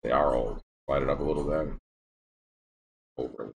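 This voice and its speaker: A man's voice: a bass voice, moderate pace, gravelly. A man with a Michigan accent co-hosting a casual lottery scratch-off stream, cheering the tickets on. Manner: upbeat, egging on the tickets. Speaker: lottery scratch-off channel host. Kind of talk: casual live scratch-off chat. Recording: light background noise.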